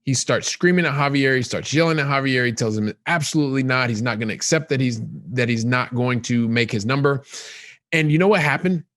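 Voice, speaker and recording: A man's voice: medium pitch, fairly quick, dry recording. Dry, close-miked man telling a story. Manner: animated, repetitive storytelling with many "and so" links. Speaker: podcast host. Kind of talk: storytelling explanation to guests.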